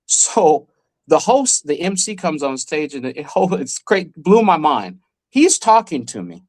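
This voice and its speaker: A man, a magician, telling a lively story in a podcast interview and acting out the people he quotes. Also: on the high side, a little slow. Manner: animated storyteller who acts out the people he quotes. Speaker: magician guest.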